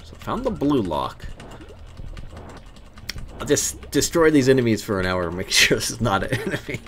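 A man's voice: medium pitch, sing-song, moderate pace, fairly bright tone, a little hiss or hum. A man giving casual, wry commentary while playing a game, often muttering to himself. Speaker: let's play host.

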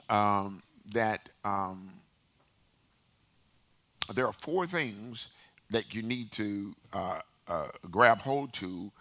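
A man's voice: on the low side, bright, forceful tone. A man in his sixties, a pastor preaching a sermon, calling on the congregation to repeat phrases after him and repeating words as he builds a point.

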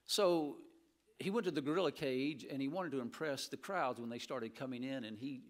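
A man preaching an animated sermon in a church and mixing in humorous stories. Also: medium pitch, moderate pace. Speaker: pastor. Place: church sanctuary.

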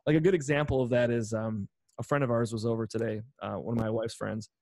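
A quick-talking man co-hosting a casual podcast, telling stories loosely and acting out what people said. His voice sits in the middle range, and the recording is dry and close. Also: mid-range voice, no echo. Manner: animated storytelling, swearing, acts out quotes. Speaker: podcast co-host.

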